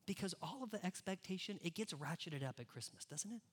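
A man's voice: high voice, animated, fairly quick. A man preaching a sermon in a church, who talks conversationally and turns straight to the congregation with questions. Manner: conversational, addresses the congregation directly. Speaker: pastor.

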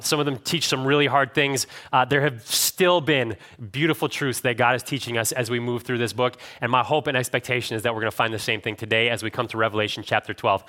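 A male pastor preaching a sermon to his congregation, telling a story with animated swings in pitch and loudness. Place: church room with a live congregation.

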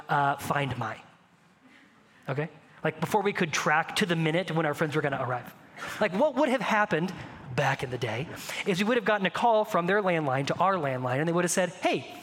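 A man preaching a sermon as pastor, conversational and animated, asking the congregation rhetorical questions. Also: on the high side, in a large hall.

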